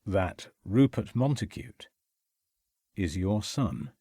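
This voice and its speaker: A man voicing a courteous, shrewd police inspector who speaks in a polite, measured way, in an audiobook. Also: lowish voice, animated, mellow, slightly rough, no room sound, studio quality, heavily acted.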